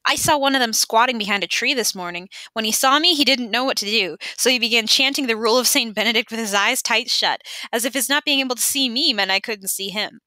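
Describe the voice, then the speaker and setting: A woman's voice: a little high, fast talker, few pauses, bright, forceful tone, dry recording. A woman voicing a mischievous ten-year-old girl who teases and chatters eagerly. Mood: teasing.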